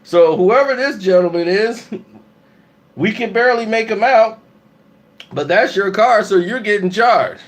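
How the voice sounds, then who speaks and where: A man telling a funny story, laughing often and acting out the people in it with shouted lines. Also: high voice, expressive, a little slow, pauses often. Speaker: channel host telling a story. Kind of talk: animated comic storytelling.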